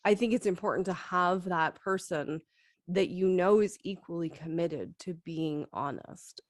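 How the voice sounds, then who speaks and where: A woman's voice: lowish voice, unhurried, no echo, clean studio sound. A woman co-hosting a casual talk, speaking in a thoughtful, candid way. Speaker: co-host. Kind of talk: casual chat.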